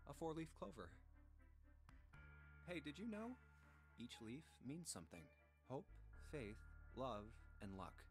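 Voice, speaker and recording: An earnest young game hero. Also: male voice, mid-range voice, sing-song, unhurried, pauses often, faint music behind. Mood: earnest, reassuring. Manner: reassuring, stammers when flustered. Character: earnest young male protagonist, protective and pushy. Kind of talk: visual novel voice acting.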